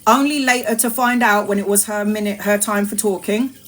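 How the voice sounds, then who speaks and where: A woman tarot reader on a live stream gives a spiritual talk in a mid-range, fairly bright voice that's steady in tone and a little fast. She's emphatic and repetitive, calls viewers endearing names, and swears freely.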